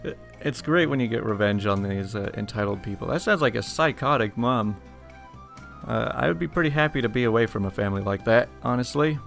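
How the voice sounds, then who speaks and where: A man's voice: medium pitch, lively intonation, brisk, vocal fry, fairly bright tone, faint music behind. A man hosting a channel, reading online stories aloud with casual, amused commentary.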